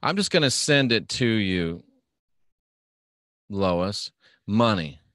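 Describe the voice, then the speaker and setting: A man's voice: fairly low pitch, sing-song, slow, pushed and bright, dry recording. Offhand, rambling middle-aged man, dry sound. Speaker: livestream host reading viewer comments. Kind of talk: casual live-stream chat.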